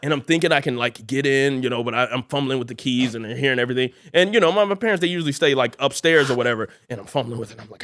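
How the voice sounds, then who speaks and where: A man in his thirties, a podcast co-host, telling a story in a casual, animated way with stammered restarts. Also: medium pitch, very fast, few pauses.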